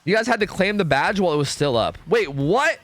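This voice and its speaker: A young man's high, animated voice, slightly bright and brisk, comes through with no echo over soft background music. He's streaming a game and rambling to his chat in casual talk, swearing a lot and doubting himself.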